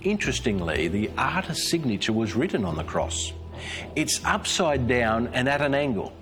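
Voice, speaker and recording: A man giving a scripted devotional presentation, telling it in an earnest, measured storytelling manner. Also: medium pitch, very animated, music in the background. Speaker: Christian speaker.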